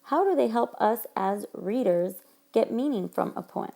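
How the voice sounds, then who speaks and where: A woman teacher narrating a recorded lesson, explaining things clearly to her students. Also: on the high side, lively intonation, normal speed, mellow. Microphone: tablet microphone.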